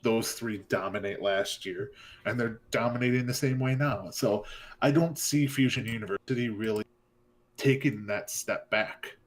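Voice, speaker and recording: A man co-hosting an esports talk show, giving his views in a relaxed way, with plenty of likes and ums. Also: medium pitch, normal speed. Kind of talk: casual esports podcast chat.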